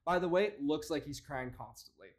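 Young male reactor: foul-mouthed, mocking, fast rants, slightly high voice. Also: animated. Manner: profane, mocking, rapid-fire rants. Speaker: reaction commentator. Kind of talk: casual reaction commentary.

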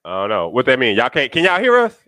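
A man's voice: medium pitch, huge pitch swings, quick pace, bright, forceful tone, no room sound. A man co-hosting a livestreamed podcast, joking around animatedly and swearing. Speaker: podcast co-host. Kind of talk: casual livestream banter.

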